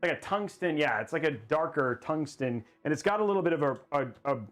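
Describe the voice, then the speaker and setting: A man hosting a casual livestream while building a PC, excitable and rambling as he hypes the viewers' goals. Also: a little high, fairly quick, faint music behind.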